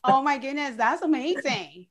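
This is an effusive woman hosting a casual chat show. Her voice sits a little high. She bubbles over with excitement and keeps repeating her praise. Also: normal speed, a loud crowd. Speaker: show host.

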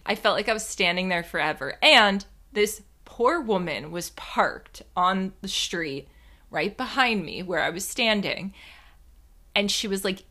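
A young woman telling a personal story in a casual, animated, self-mocking way, swearing freely as she goes. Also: mid-range voice.

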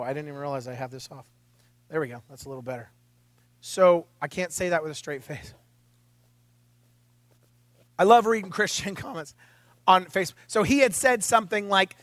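A man preaching a conversational sermon podcast as a pastor, animated and chatty, with wry asides and quoted voices. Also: a little high, no echo.

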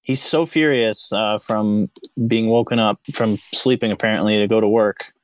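A man's voice: on the low side, steady tone, normal speed, dry recording. A man narrating as game master of a tabletop horror game, giggling through his descriptions.

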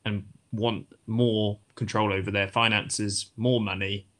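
A man with a low voice joining a football chat, explaining the clubs' motives and defending his own side. He speaks in a steady, explanatory way. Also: measured pace. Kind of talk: casual football discussion.

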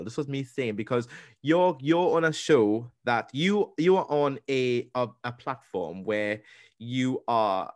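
A young man co-hosting a podcast, chatting in a lively way, acting out what people said and restarting his sentences. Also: mid-range voice, normal speed, dry recording, clean studio sound. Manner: animated storytelling, acting out quotes with restarts. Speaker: podcast co-host. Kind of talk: casual interview chat.

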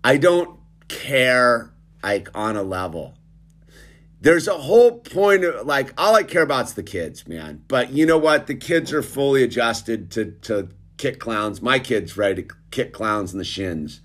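A man's voice: mid-range voice, sing-song, a little slow, fairly bright tone. A middle-aged man in a casual, rambling, sarcastic monologue, often restarting and calling the listener dude. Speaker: commentator.

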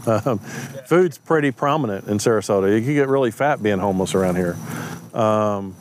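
A man, possibly a pastor, casually tells a story about faith at normal speed in a lowish voice, with slight background noise. He acts out what the people he met said and fills his conversational storytelling with plenty of ums and uhs.

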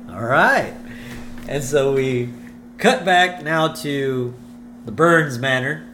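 A man's voice: mid-range voice, expressive, very slow, bright, forceful tone, slight background noise. A man co-hosting a podcast, recapping a cartoon episode in casual chat and retelling scenes eagerly. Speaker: podcast co-host.

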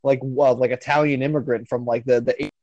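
A man's voice: medium pitch, steady tone, a little fast, a little mellow, dull audio. A man co-hosting a casual movie chat, joking around and swearing. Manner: joking and profane. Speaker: podcast co-host.

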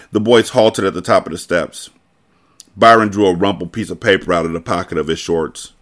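A man, host of a podcast, reading a children's novel aloud with casual, expressive delivery. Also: low-pitched, a little fast. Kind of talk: book reading narration.

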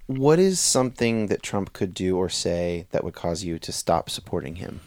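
A man hosting a podcast, presenting interview clips in a relaxed, jokey way. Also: deep voice, normal speed, no echo. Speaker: podcast host.

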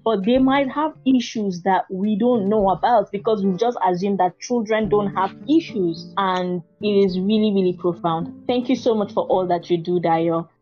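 A woman hosts a podcast interview, heartfelt and openly emotional as she thanks her guest. Her pitch is ordinary for a woman. The sound is dull and lo-fi, with quiet music in the background. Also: normal speed, few pauses. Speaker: interview host.

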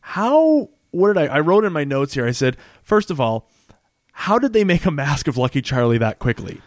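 Animated man recapping a show. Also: fairly high pitch, normal speed, dry recording, clean studio sound. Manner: animated retelling, voicing characters in quotes. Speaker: podcast co-host. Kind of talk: casual chat recapping a TV episode.

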